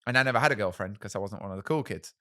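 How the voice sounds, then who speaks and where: Interview guest: man, animated and candid, dry close-miked voice. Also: on the low side, rapid-fire, dry recording. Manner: candid, self-mocking, animated storytelling with many fillers. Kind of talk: storytelling in a podcast interview.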